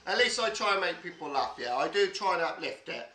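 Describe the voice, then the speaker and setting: A man hosts a casual livestream from home, rambling and swearing freely between filler tags. His voice sits high and sounds bright. The room is echoey and music plays in the background. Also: big pitch swings, a little fast. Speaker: livestream host.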